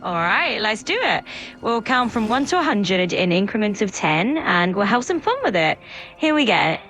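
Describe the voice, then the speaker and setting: Chirpy, lively AI assistant woman. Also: medium pitch, moderate pace. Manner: upbeat, agreeable, stalling and repeating itself. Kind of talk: synthetic assistant chat.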